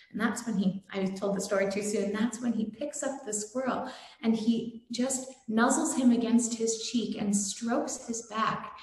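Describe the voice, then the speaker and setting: A woman giving a gentle, devotional sermon and telling a story, with some fillers. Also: a little high, steady tone, a little slow. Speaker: satsang speaker. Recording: very echoey room.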